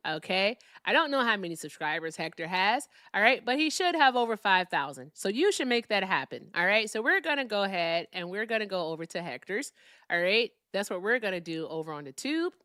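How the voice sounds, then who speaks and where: Animated woman hosting a live stream. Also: medium pitch, brisk, dry recording, clean studio sound. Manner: animated, laughs often, talks to the chat. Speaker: livestream host. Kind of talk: casual live-stream chat.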